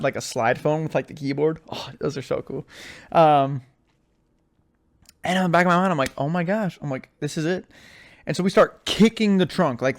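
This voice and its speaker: A young man with a voice pitched a little high hosts a podcast on his own. He chats loosely and tells animated stories, full of casual slang and filler words. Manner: animated storyteller, slangy, says "like" and "dude" a lot. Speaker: podcast host. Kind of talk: casual solo podcast chat.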